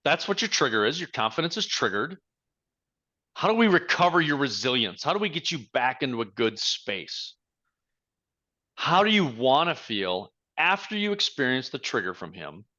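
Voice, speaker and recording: Here a male leadership coach motivates his audience with a bright, forceful, mid-range voice that has a sing-song lilt at a moderate pace. He stresses his words and poses rhetorical questions, and the recording is dull and lo-fi.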